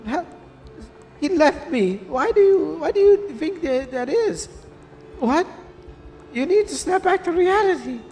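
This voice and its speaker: A man's voice: extremely high pitch, lively intonation, unhurried, long pauses, a little mellow, long reverb tail, faint music behind, pitched above the performer's own voice, exaggerated voice. A man voicing an angry, hurt young adult daughter in a game, with a snapping, bitter delivery. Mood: defiant.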